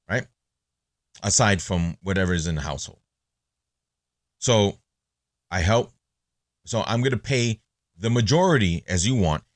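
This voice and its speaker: A man's voice: sits low, dry recording, studio quality. A man hosting a podcast, talking in a blunt, profane, casual monologue. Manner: blunt, profane, animated storytelling. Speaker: podcast host.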